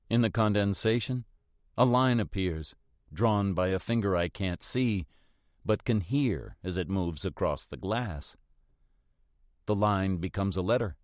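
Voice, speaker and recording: A man's voice: deep voice, a little mellow, no echo, studio quality. A man narrating a suspense audiobook in the first person, with a tense delivery.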